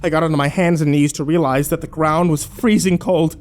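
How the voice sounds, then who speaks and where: A man's voice: a little high, fairly even intonation, a little fast. A man narrating a horror story in first person, dramatic and tense, building suspense.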